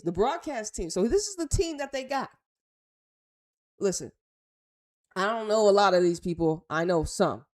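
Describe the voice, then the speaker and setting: Blunt, lively American woman host. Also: fairly low pitch. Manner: blunt, slangy, reacts aloud while reading. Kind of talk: casual commentary reading news aloud.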